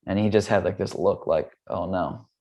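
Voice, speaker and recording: A man's voice: sits low, brisk. A man from Hawaii and California, a yoga teacher and interview guest, telling stories in a casual, chatty way and acting out the people in them. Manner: relaxed, chatty, with many "um" and "like" fillers; acts out the voices of the people in his stories. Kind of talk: casual conversational storytelling.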